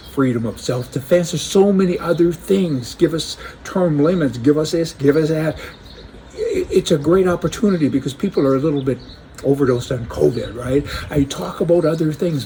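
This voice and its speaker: A man's voice: medium pitch, warm tone. Male commentator, sarcastic and joking, mid-range voice, faint background hiss. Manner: sarcastic, joking, chuckling asides. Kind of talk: opinionated casual monologue.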